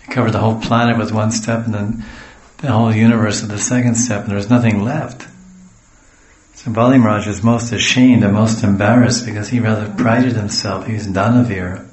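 A man with a fairly low voice tells a sacred story as a sermon. He drifts into homely side stories and acts out the speakers. The room around him rings with echo. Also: little pitch movement, normal speed, a little mellow. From the West. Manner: digressive, homely asides, acts out quotes. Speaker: spiritual teacher.

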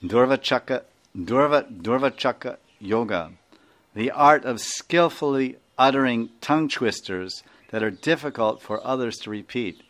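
A man's voice: medium pitch, expressive, unhurried, fairly bright tone. A man with an Indian accent, a spiritual teacher giving an informal class, rambling, chuckling and often asking his listeners to confirm.

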